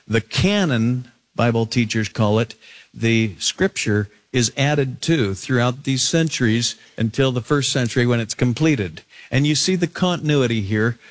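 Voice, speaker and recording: A man delivers a sermon with expressive preaching, reading scripture aloud and stopping to comment. His voice sits in an ordinary middle range for a man. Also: medium pitch. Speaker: pastor.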